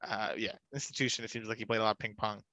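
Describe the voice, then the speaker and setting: A man's voice: lowish voice, steady tone, very fast, bright, forceful tone, no echo, poor audio. A young man co-hosting a casual podcast, recapping a TV episode in a chatty, rambling way with frequent laughs. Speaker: podcast co-host recapping a TV show. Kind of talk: casual chat.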